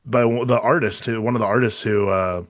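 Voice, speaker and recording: A man's voice: on the low side, fairly even intonation, brisk, no room sound, clean studio sound. A man co-hosting a casual movie podcast, rambling and swearing, with lots of fillers and restarts. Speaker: podcast co-host.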